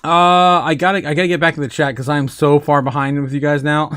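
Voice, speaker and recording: A fairly high-voiced young man hosts a loose live stream, a little drunk. He rambles, laughs easily and breaks into loud, swearing exclamations. Soft music plays faintly behind him. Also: level tone, brisk, clean tone. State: tipsy. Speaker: host of a crypto livestream.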